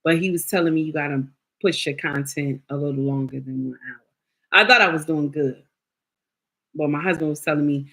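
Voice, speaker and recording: A woman's voice: sits low, a little fast, bright, forceful tone. A woman hosting a casual livestream, chatting playfully with her viewers and calling them by name. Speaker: livestream host.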